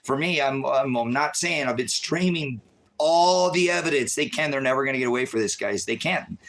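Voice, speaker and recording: A stressed man rambling through an agitated live-stream rant, jumping between loud outbursts and low muttering. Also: normal speed.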